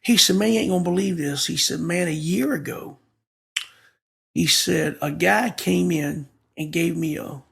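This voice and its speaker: A middle-aged pastor with a high voice and a gravelly edge tells his testimony in a relaxed podcast conversation. He acts out every quoted line with emphatic, lively delivery. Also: a little slow. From Florida, USA. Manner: vivid storyteller acting out quoted dialogue, emphatic.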